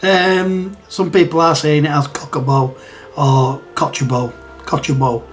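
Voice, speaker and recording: A man with a slightly raised voice talks slowly about retro games. He rambles, restarts and chuckles as he hesitates. Soft music plays faintly behind him. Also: fairly high pitch, level tone. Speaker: retro gaming channel host. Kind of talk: casual talk to camera.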